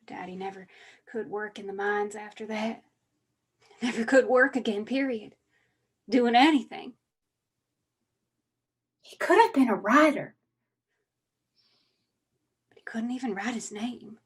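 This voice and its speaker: An actress playing the grieving adult daughter of a coal miner, speaking with a mournful, bitter tone. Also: female voice, on the high side, unhurried, long pauses, husky. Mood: sorrowful. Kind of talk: stage play monologue.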